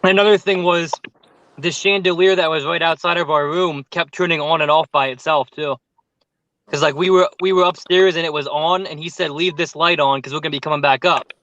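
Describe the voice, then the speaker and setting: A man telling a story with lots of fillers in casual chat on a group call, animated and talkative. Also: a little high, brisk, muffled recording. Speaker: paranormal youtuber telling a story.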